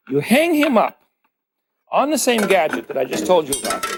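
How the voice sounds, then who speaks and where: A male TV cooking host demonstrating a recipe in a chatty, playful way, always speaking to the viewer. His voice sits fairly high for a man. His pitch swings widely and expressively.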